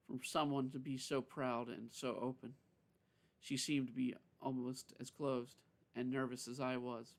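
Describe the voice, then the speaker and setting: A man reading a story aloud on a live stream, unhurried, with frequent self-corrections. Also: medium pitch, vocal fry.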